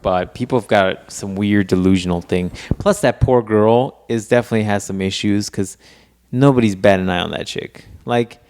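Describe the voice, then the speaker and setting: A man's voice: fairly low pitch, moderate pace, a little mellow, smooth. A man co-hosting a podcast in casual chat, full of crude jokes and banter. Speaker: podcast co-host.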